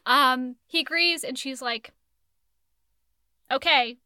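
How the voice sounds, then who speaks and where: A woman's voice: sits high, big pitch swings, moderate pace, pushed and bright, dry recording. A young woman co-hosting a casual book chat, swearing freely and acting out the characters she quotes. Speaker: podcast co-host.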